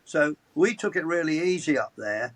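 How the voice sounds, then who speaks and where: A man's voice: on the high side, animated, normal speed, fairly bright tone, poor audio. A man in his seventies, a motorsport commentator chatting as a podcast guest, telling anecdotes with chuckles and frequent restarts. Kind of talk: anecdotal storytelling in conversation.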